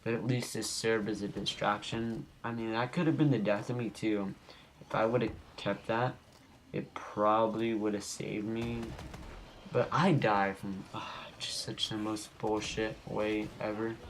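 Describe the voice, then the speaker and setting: Rambling young man with a gravelly voice. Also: lowish voice, fairly even intonation, a little slow. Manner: rambling, goofy, easily sidetracked. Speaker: gaming channel host. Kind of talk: casual gameplay commentary. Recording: home recording with faint background noise.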